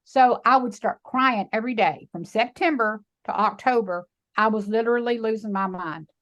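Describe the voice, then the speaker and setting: A middle-aged woman with a Texan accent tells her story in an emphatic, animated way and acts out the voices of the people in it. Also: on the high side, normal speed, highs cut off. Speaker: guest, sanctuary founder. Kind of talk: emotional storytelling interview.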